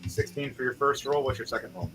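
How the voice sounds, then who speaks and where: A man's voice: medium pitch, animated, quick pace, a bit bright, low-quality recording. Guy running a d&d game, swears a lot, describes the gore big, music going behind him. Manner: casual and profane, vivid gory narration. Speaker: game master. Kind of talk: narrating a tabletop game. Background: background music.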